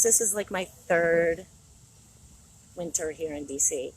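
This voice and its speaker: This time the middle-aged vlogger's voice is fairly low and unhurried as she livestreams from her phone on a city street, chatting candidly, wandering off topic, and laughing often. The low-quality recording carries a little hiss or hum.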